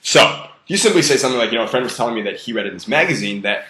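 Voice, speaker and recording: A man's voice: medium pitch, animated, racing, sharp tone, roomy sound. A young man giving blunt, profane dating advice in a casual monologue, heavily stressing key words and amusing himself. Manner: blunt, profane and self-amused.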